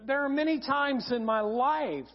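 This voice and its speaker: A man preaching a sermon as pastor, telling humorous stories in an animated way in a church auditorium. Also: extremely high pitch, measured pace. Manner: humorous storytelling, animated and lively. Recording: dull sound in a reverberant auditorium.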